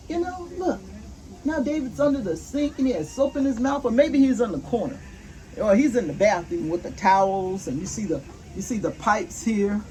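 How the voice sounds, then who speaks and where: In a rough recording, a high-voiced older woman gently and slowly reads a picture book aloud to her grandkids, putting questions to them along the way. Roofing work can be faintly heard in the background.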